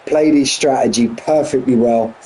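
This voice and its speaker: A man commentating a sim racing league race, excitable and out of breath, firing off shout-outs. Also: mid-range voice, moderate pace, slight background noise, low-quality recording. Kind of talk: live esports race commentary.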